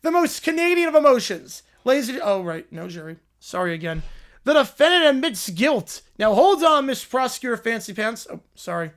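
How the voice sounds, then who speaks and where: A man's voice: extremely high pitch, very animated, moderate pace, a bit bright, exaggerated voice. A man playing a bumbling, endlessly apologetic defense lawyer in a comedy courtroom sketch, stammering and nervous.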